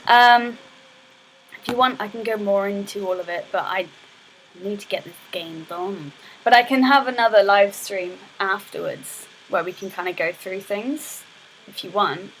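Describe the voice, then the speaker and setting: A woman's voice: medium pitch, measured pace, a bit bright, slight background noise, poor audio. A young woman casually streaming her game development work, chatting in a rambling way full of fillers and restarts. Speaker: game dev student streamer. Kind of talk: casual live stream chat.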